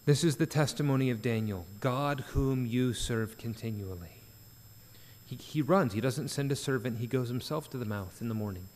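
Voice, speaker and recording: A man's voice: medium pitch, normal speed, darkish tone. Preaching man in a reverberant church. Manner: earnest preaching with emphatic rises. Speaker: pastor. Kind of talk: sermon at a prayer meeting. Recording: church sanctuary with long reverb.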